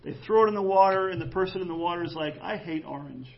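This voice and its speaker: A man preaching an animated, jokey sermon in church, acting out quoted voices. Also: high-pitched, racing, lo-fi sound, a little hiss or hum. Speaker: pastor.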